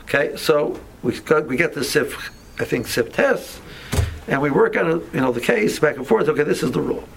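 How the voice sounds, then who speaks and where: Male teacher, slightly high and gravelly voice, halting conversational delivery, faint noise behind. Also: animated, rough recording. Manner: conversational, halting, many restarts and asides. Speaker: rabbi teaching a class. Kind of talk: informal Torah class.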